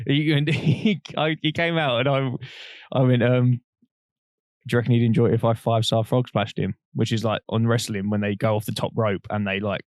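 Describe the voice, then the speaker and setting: A young man spins a loose, laughing anecdote on a casual podcast. His voice sits at a middling pitch and is recorded close and dry, with no room around it. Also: a little fast, no room sound. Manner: rambling, animated anecdotes with frequent laughter. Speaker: podcast co-host. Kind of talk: casual storytelling chat.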